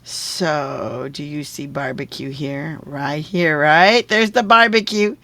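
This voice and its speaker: A woman's voice: sits low, slow pace, bright, forceful tone, no echo. A woman teacher giving a phonics lesson on video, patiently sounding out syllables and checking in with the viewer.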